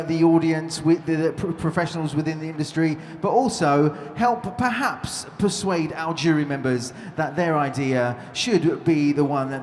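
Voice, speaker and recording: A man's voice: fairly high pitch, slight background noise. A male event host emceeing a live stage competition in an upbeat, chatty, rambling way. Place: large exhibition hall stage. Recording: echoey hall with long reverb.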